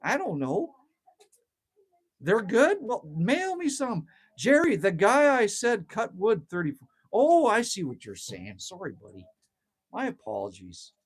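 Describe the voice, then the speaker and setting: A Canadian dad rambles through a casual livestream shot on his phone outdoors at a cabin, reading viewer comments aloud, ranting and swearing freely. His male voice is high-pitched and husky.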